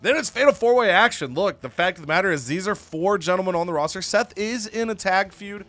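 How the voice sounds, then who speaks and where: A young man hosting a gaming video, animated and storytelling, acting out characters as he recaps a wrestling game. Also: high-pitched, brisk, no echo, soft background music. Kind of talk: casual narration of a wrestling game save.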